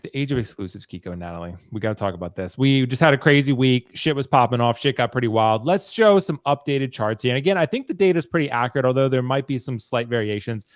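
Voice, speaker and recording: A man from Maryland hosts a casual livestream with a loose, laid-back delivery and plenty of swearing. His pitch rises and falls a lot as he talks. The sound is dry and close, with little room around it. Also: lively intonation, fast, few pauses, no echo. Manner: laid-back, swears freely, laughs often. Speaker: livestream host.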